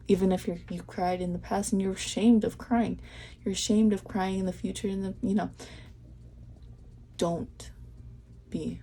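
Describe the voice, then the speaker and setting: A woman's voice: mid-range voice, fairly even intonation, normal speed, pauses often, mellow, breathy edge. A young woman giving a pick-a-card tarot reading, talking straight to the viewer in an earnest, encouraging way, repeating herself and restarting her sentences. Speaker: tarot reader.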